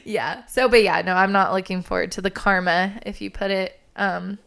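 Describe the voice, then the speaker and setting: A woman's voice: mid-range voice, normal speed, vocal fry, fairly bright tone, slight background noise. A woman in her thirties from California, chatting casually as an interview guest, full of fillers and laughing through her stories. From California, USA. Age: 30s. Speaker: podcast guest.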